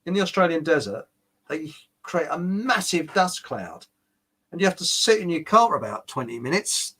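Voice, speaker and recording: A man's voice: fairly high pitch, sing-song, moderate pace, pushed and bright, slightly rough. An older man with a British accent, hosting a casual livestream chat, rambling with restarts, chuckling often and reading out viewer comments. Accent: British English. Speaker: livestream host.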